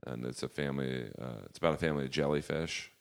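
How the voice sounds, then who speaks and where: A man's voice: rumbling low, steady tone, fast, creaky. A man, a comedian, telling stories in casual podcast chat and acting out quoted exchanges. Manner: storytelling, acting out quoted exchanges with shifts in loudness. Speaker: comedian guest.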